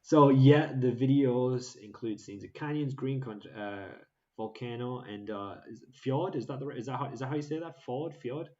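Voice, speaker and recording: A man's voice: mid-range voice, moderate pace, darkish tone, highs cut off. A man co-hosting a casual chat show, rambling with lots of fillers and frequent laughter. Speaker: co-host.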